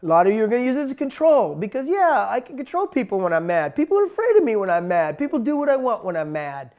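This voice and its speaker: A man's voice: high-pitched, big pitch swings, fast talker, a little mellow. A man giving a spiritual talk in a blunt, emphatic monologue, swearing freely. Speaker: spiritual teacher.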